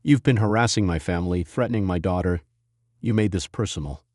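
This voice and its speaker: A man voicing a calm, commanding former navy commando and father in an audio story, speaking in a cold, steady manner. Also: low voice, brisk, no echo, studio quality.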